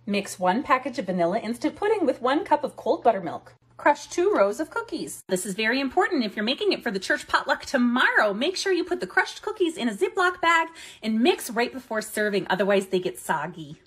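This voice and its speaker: A woman's voice: fairly high pitch, very animated, a little fast, hardly any pauses, a bit bright, breathy edge, voice pushed up, heavily acted. A woman playing a chirpy church-potluck mom with a Minnesota accent in a comic cooking video.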